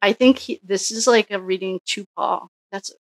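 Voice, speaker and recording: Woman tarot reader, gravelly fry, dry close sound, rambling think-aloud delivery. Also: medium pitch, normal speed, no room sound. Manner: musing, thinks aloud with frequent restarts. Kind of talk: casual solo tarot reading.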